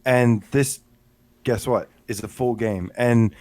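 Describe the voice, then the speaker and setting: A man's voice: medium pitch, takes it slowly, a little mellow, no room sound. A man co-hosting a casual livestream podcast, rambling enthusiastically with lots of fillers as he looks through a video. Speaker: podcast co-host.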